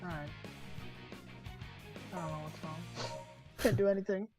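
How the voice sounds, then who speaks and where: A woman's voice: fairly low pitch, fairly even intonation, moderate pace, music in the background. A woman joining a stream over a voice call, chatting casually, giggly and a little exasperated. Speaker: call guest.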